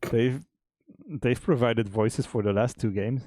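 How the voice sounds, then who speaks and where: A man co-hosting a stream, chatting casually about making a game, relaxed and chuckling, often restarting his sentences. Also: mid-range voice, unhurried, no echo, clean studio sound. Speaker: game developer and stream co-host.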